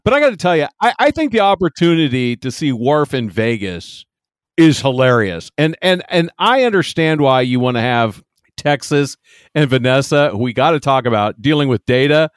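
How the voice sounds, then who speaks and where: A man co-hosting a podcast, trading sarcastic jokes and quick agreements in casual chat. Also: mid-range voice, sing-song, clean tone, no echo, studio quality. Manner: sarcastic, joking banter. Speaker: podcast co-host.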